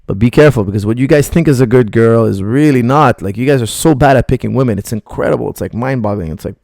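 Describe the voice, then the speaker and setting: A man's voice: medium pitch, fast talker, creaky, a little mellow, no room sound, clean studio sound. A middle-aged man, a martial arts coach, bluntly rambling through viewer questions on a live stream.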